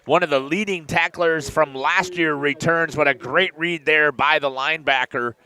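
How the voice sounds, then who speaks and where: A man doing play-by-play commentary for a local high school football game, getting louder and higher on big plays. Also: a little slow. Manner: excited rising calls on big plays. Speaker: play-by-play announcer.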